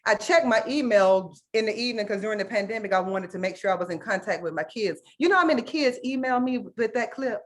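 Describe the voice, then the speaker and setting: Over a video call at an online conference, a woman teacher gives an earnest, emotional workshop talk, often checking in with "right?" and addressing her audience as "guys." Her fairly high, fairly bright voice is very animated and fast, with few pauses.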